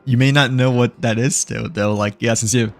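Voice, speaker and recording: A man's voice: mid-range voice, fairly even intonation, moderate pace, gravelly. Guy casually rambling over his game, lots of ums and likes, little laughs, faint music behind. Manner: rambling, full of fillers, chuckling. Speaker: gamer. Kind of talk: casual gameplay commentary.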